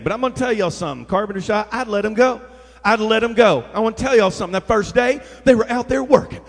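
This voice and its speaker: High-voiced preacher in an echoey hall. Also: male voice. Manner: energetic storytelling with call-and-response to the crowd. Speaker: pastor. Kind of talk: sermon. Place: church sanctuary.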